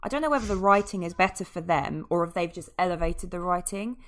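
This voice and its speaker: Chatty low-voiced Englishwoman. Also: fast. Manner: chatty, enthusiastic, trailing off mid-sentence. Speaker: podcast co-host. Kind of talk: casual review chat.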